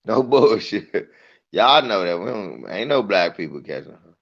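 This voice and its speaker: A man telling profane stand-up stories, animated and acting out the people in them. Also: fairly low pitch, normal speed, vocal fry, dull audio. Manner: profane, animated, mimics voices. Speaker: comedian. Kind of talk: stand-up storytelling.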